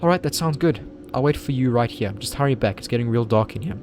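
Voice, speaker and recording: Man reads a poised senior schoolgirl; kind, calm, a touch raised in pitch. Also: quick pace, slight background noise, close to an everyday voice. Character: polite, capable teenage schoolgirl, a senior. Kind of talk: reading game dialogue aloud.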